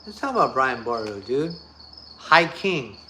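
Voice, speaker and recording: A man's voice: mid-range voice, sing-song, unhurried, bright, forceful tone, a little hiss or hum. A man talking straight to his viewers in an off-the-cuff monologue, blunt and profane, repeating himself for emphasis. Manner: blunt, profane, repetitive ranting. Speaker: YouTuber.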